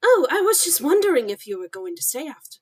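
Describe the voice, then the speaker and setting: A woman voicing a nosy, prim older British lady in a put-on posh British accent, with a high, sing-song delivery, as she reads her own story aloud. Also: very animated, fast. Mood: prim, gushing.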